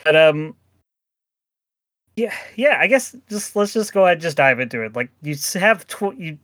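A man's voice: on the high side, lively intonation, moderate pace, a bit bright, no room sound. A man chatting casually as a podcast co-host, rambling with many restarts and frequent laughs. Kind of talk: casual chat.

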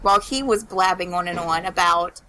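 A woman's voice: fairly low pitch, normal speed, bright, forceful tone, a little hiss or hum, rough recording. A woman co-hosting a podcast, chatting casually about a video game in a rambling way and acting out the characters' lines. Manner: rambling, lots of fillers and acted-out quotes. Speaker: podcast co-host.

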